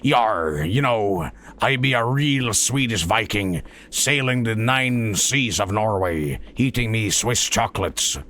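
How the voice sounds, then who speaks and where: A man putting on a bumbling, boastful Viking man with slow, drawling pirate-style talk. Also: fairly low pitch, animated, fairly bright tone, a little hiss or hum.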